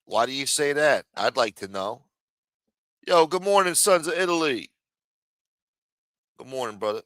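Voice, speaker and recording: Male streamer, profane heated rant, sharp tone, dry close mic. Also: medium pitch, lively intonation, moderate pace, no echo. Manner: heated, swears constantly, mocks others in raised voices. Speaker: livestream commentator.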